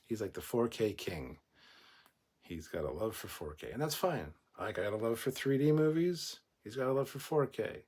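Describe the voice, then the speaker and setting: A man with a slightly husky voice sitting low in pitch talks loosely through a livestream. He jokes and rambles, stumbling over his words now and then, as he reads viewer comments aloud. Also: expressive, moderate pace, a little mellow. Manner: joking, chatty, rambling with restarts. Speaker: livestream host. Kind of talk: casual livestream chat, reading viewer comments.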